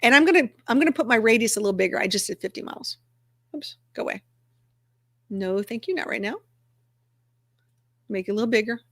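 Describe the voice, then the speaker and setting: A woman's voice: a little high, lively intonation, brisk, creaky, long pauses, a bit bright, no room sound. A woman hosting a casual livestream, chatty and upbeat, talking through each click as she shares her screen. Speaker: livestream host for a dog rescue community.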